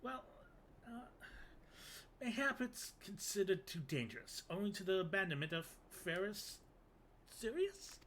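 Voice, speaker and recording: A man's voice: high-pitched, sing-song, unhurried, long pauses, a bit bright, a little hiss or hum, pitched above the performer's own voice, heavily acted, rough recording. A man voicing a fussy, long-winded woman scholar with prim, old-fashioned wording. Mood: flustered. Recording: game music behind.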